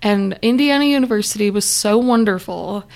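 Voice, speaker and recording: A young adult woman speaks as an interview guest, telling her own story in a chatty, candid way. Her mid-range voice carries a steady gravelly fry at the ends of phrases. She slips into the voices of the people she quotes as she goes. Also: mid-range voice, normal speed. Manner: chatty, candid, acts out remembered dialogue. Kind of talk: casual personal storytelling.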